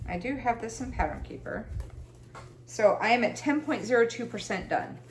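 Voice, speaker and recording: A woman's voice: on the high side, expressive, normal speed, reverberant, a little hiss or hum. A woman talking casually about her cross-stitch projects, rambling and chatty, with self-deprecating laughs. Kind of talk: casual chat. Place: room at home.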